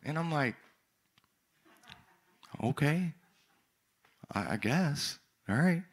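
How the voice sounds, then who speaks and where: Animated preacher man, high lively voice. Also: very slow, slightly rough. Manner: animated, acts out dialogue with loud outbursts. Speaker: pastor. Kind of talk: sermon storytelling.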